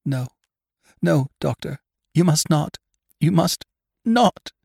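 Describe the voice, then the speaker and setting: A man's voice: fairly high pitch, expressive, slow pace, creaky, darkish tone, husky, no room sound, studio quality, voice pushed up, heavily acted. A male narrator voicing a frightened young woman, pleading and near hysterical, in a storybook reading. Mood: anguished.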